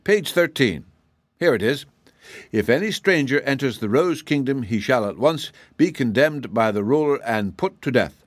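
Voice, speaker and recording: A squeaky little royal gardener, put on by a man reading a storybook, shrill and self-righteous. He sits high and loud above the reader's own voice, with a lively, bouncing lilt. The recording is dry and close. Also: moderate pace, hardly any pauses, no echo, lightly acted. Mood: indignant. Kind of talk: audiobook character voice.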